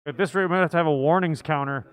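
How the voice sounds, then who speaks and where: A man's voice: fairly high pitch, very fast, poor audio. A man casting a card game tournament live, chatty and often laughing. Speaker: tournament commentator.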